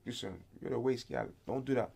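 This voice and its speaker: A young man from Congo, ranting loudly with profane slang as a guest in a casual interview. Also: medium pitch, animated, a little fast, gravelly, breathy edge.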